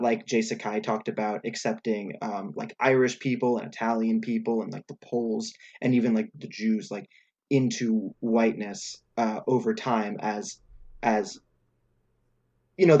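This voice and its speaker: A man's voice: lowish voice, darkish tone, slightly rough, lo-fi sound. A young man co-hosting a podcast, chatting casually about politics with lots of fillers and restarts. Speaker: podcast co-host.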